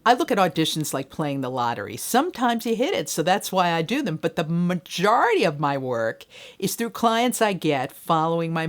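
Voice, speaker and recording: Lively conversational woman voiceover coach. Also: sits low. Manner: upbeat and conversational, talks straight to the viewer. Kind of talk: direct-to-camera training video.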